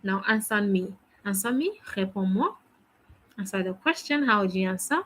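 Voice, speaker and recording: A woman's voice: mid-range voice, expressive, moderate pace, a bit bright, poor audio. A woman teaching a French lesson, patiently drilling phrases and praising each answer. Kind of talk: language lesson.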